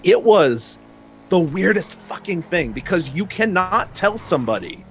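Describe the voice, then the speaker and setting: A man's voice: sits high, sing-song, a little slow, slight background noise. A young man telling a long personal story in casual chat, rambling with many fillers and frequent laughs.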